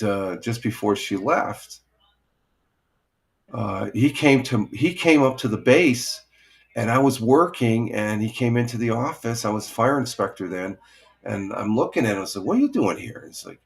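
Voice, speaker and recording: A middle-aged man hosts a laid-back morning chat stream, rambling, restarting his sentences often, chuckling, and greeting viewers by name. His voice is fairly low and creaky.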